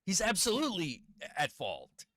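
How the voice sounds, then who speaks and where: A man co-hosting a casual chat, animated, swinging between loud emphasis and low mutters. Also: normal speed, dry recording, studio quality.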